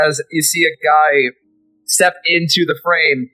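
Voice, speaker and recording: Bright-voiced casual game master. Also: male voice, a little high, steady tone, a little slow, faint music behind, poor audio. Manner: vivid, casual, swears freely. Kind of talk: narrating a tabletop role-playing game.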